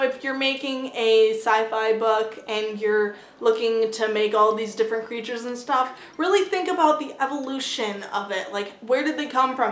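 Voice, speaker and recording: A woman talks through a book review in a loose, casual vlog style, leaning on "like" and dropping the odd swear word. Her voice sits a little on the high side. The room rings back with a noticeable echo. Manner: chatty, heavy use of "like" fillers; blunt, swears freely. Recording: roomy echo.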